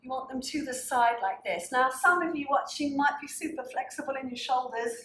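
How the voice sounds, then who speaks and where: High-voiced woman talking thru a pilates workout, a bit out of breath, roomy echo. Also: brisk, fairly bright tone, slight background noise. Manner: counts reps and cues breathing while exercising. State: slightly out of breath. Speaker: pilates instructor. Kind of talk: guided workout instruction.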